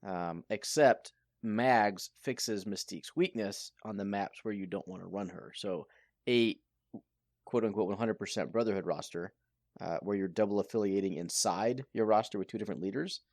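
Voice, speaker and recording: A man co-hosting a podcast, explaining game strategy in a measured way. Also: lowish voice, darkish tone, dry recording, clean studio sound. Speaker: podcast co-host.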